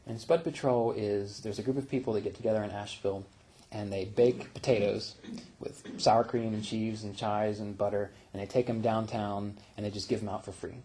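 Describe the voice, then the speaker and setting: A man who teaches meditation, telling personal stories in a relaxed, reflective way, with fillers and small laughs. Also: on the low side, brisk, slight background noise. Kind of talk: casual spiritual talk.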